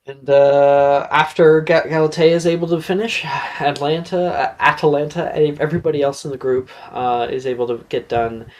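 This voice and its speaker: A man's voice: on the high side, steady tone, normal speed, few pauses, a little mellow. A man narrating a tabletop game as game master, chatty and rambling.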